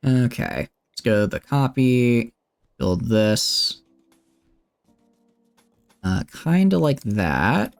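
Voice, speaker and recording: A young man streaming a game, chatting with viewers in a relaxed, jokey way while he plans his builds. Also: mid-range voice, extremely slow, gravelly, pauses often, soft background music. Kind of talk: casual gameplay commentary chatting with viewers.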